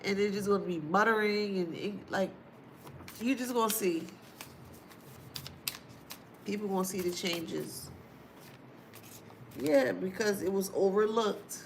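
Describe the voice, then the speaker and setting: A tarot or astrology reader speaks in a creaky, mid-range voice with a little hiss or hum on the recording. Her casual spiritual reading for viewers is informal and chatty, full of repeated phrases for emphasis, long asides and frequent laughter.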